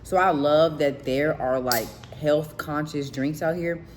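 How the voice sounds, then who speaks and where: Woman, life coach, lowish voice, preacher cadence, faint background hiss, home vlog. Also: unhurried. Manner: preacher-like, emphatic, repeats declarations and asks the listener questions. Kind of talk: faith-based motivational vlog talk. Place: at home at a candle-lit dinner table.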